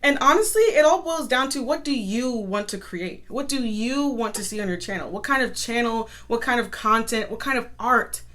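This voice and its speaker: A young woman and artist talking to camera in a casual, upbeat motivational vlog, chatty and quick to laugh. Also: on the high side, lively intonation, fairly bright tone. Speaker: artist and content creator.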